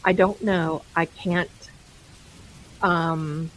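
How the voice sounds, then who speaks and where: A woman's voice: lowish voice, fairly even intonation, very slow, a bit bright, a little hiss or hum, poor audio. A woman hosting a live stream, chatting casually and rambling, amused by her own jokes and calling viewers her darlings. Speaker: livestream host.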